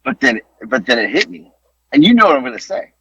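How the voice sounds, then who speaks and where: A man co-hosting a casual podcast, telling stories with lively exclamations and some swearing. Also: mid-range voice, quick pace, husky, no room sound. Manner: animated storytelling, swearing, exclamations. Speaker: podcast co-host. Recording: dull lo-fi dry podcast audio.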